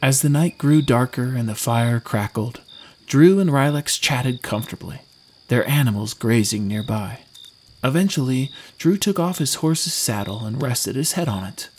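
A man narrating a fantasy audiobook in an expressive storytelling manner. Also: medium pitch, moderate pace, a little hiss or hum.

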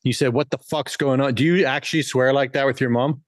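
A man chats on a podcast with a middle-pitched voice. He is curious and thoughtful, drawing others out with questions. The sound is dry and close. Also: fairly even intonation, a little fast, no room sound. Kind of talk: casual chat.

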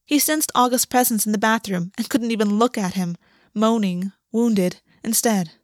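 A woman narrating a story aloud in a measured, steady reading voice. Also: on the high side, no echo, clean studio sound. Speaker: audiobook reader. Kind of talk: scripted fiction narration.

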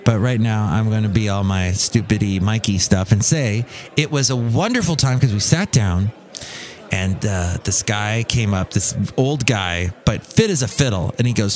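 A man's voice: fairly low pitch, normal speed, faint music behind. A man hosting a podcast, telling a long story in a casual, rambling, joking way with a sing-song delivery. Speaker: podcast host. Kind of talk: casual monologue.

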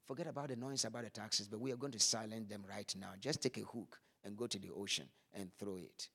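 A man's voice: on the low side, fast talker, bright, forceful tone, husky. A man preaching a sermon, acting out scripture scenes with vivid voices, then turning earnest.

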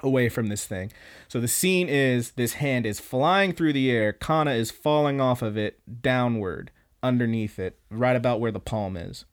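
A young man hosting a podcast, casually recapping an anime in an animated way, swearing freely. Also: medium pitch, normal speed. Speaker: podcast host.

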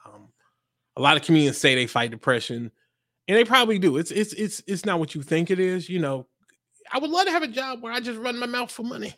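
A comedian talks through his craft in a lively storytelling manner, jumping into little character voices for his jokes. His voice sits a touch high for a man, and the recording is close and dry with no room sound. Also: no room sound. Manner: animated storyteller acting out joke voices. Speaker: comedian guest. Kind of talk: casual interview chat.

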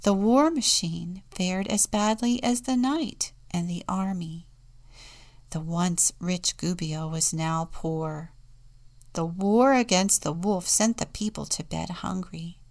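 A woman deacon reading a children's storybook aloud in a slow, soft, often hushed manner. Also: fairly low pitch.

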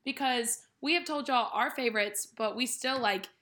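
A young woman co-hosting a casual podcast chat, playful and quick to laugh. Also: a little high, fairly bright tone. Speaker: podcast co-host.

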